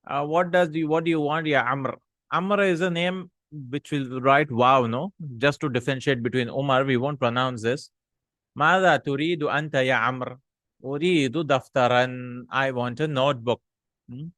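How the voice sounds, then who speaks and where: A man teaching from an Arabic textbook. He reads each Arabic line quickly, then translates it slowly, checking in with "hmm?" and "no?". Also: mid-range voice, fairly bright tone, no echo, studio quality. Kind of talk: textbook lesson.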